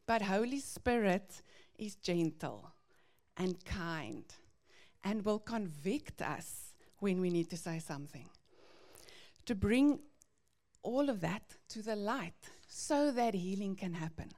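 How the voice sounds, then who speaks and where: A woman giving a devotional teaching to parents, earnest and gently confessional as she reads out Bible verses. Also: medium pitch, lively intonation, takes it slowly.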